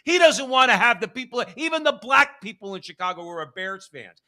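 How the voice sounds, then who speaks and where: A man's voice: very high-pitched, very animated, fairly quick, sharp tone. A man co-hosting a political commentary show, talking in a heated, belligerent rant. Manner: belligerent, ranting. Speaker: co-host.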